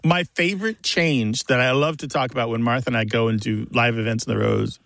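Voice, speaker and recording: A man's voice: medium pitch, a little fast, gravelly, fairly bright tone, dry recording. A man co-hosting a radio call-in show, explaining word pronunciation with enthusiasm. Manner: explanatory, enthusiastic about words.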